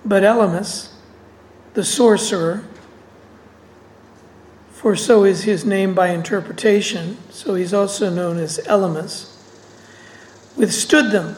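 A woman's voice: medium pitch, a little mellow, rough recording. A woman teaching through a Bible passage, reading verses aloud and explaining them with casual asides.

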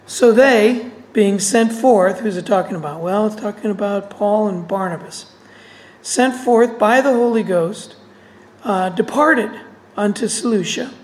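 A woman's voice: medium pitch, measured pace, a little mellow, rough recording. Woman teaching a Bible passage. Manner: explains verses between readings, asides and quips.

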